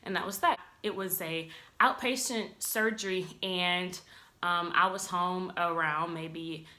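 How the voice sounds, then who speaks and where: Bright-voiced chatty young woman. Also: lowish voice, a little slow. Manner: chatty, animated retelling with acted-out quotes. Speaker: vlogger. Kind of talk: casual storytelling to camera.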